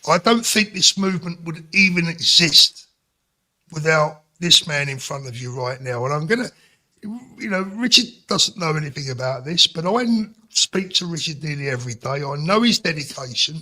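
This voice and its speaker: A man with a bright, sharp, slightly high voice talks earnestly on a livestream. He leans hard on his points and pauses with fillers before pressing on. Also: expressive. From England. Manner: earnest, emphatic praise with fillers. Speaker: co-host of a political livestream. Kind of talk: casual chat, reading viewer comments.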